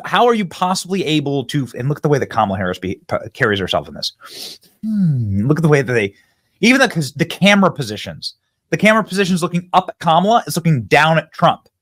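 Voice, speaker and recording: A man's voice: a little high, a bit bright, dry recording, clean studio sound. A man hosting a reaction commentary channel, talking back at news clips in an indignant, mocking way.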